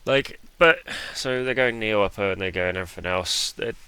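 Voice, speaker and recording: A man with a low, gravelly voice talks through his card game match in a laid-back, self-deprecating way. His delivery is forceful, and the dry recording keeps him close to the mic. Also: normal speed, no echo. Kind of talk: casual gameplay commentary.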